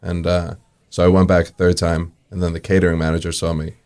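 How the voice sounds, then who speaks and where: A low-voiced restaurant owner, a guest in an interview, settles into long, casual anecdotes. He acts out the quoted dialogue and chuckles as he goes, his delivery flat, brisk and a little mellow, with a clean tone.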